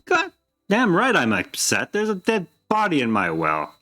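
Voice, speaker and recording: A man's voice: mid-range voice, very animated, a little slow, a bit bright, soft background music. A man voicing an evasive middle-aged innkeeper who dodges questions in a folksy drawl.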